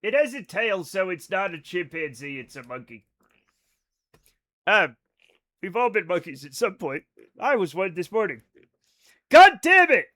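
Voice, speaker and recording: Excitable high-voiced man, swearing freely. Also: moderate pace, pauses often. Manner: excitable, swears a lot, rambling asides. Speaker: livestreamer playing a space game. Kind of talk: casual chat with stream viewers. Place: home at night.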